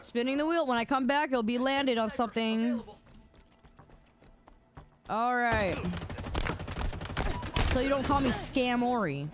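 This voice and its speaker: A woman's voice: fairly high pitch, takes it slowly, pauses often, over music. A woman game streamer chatting casually and teasingly with her viewers while she plays. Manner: animated, teasing, talks to chat. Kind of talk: casual live-stream chat.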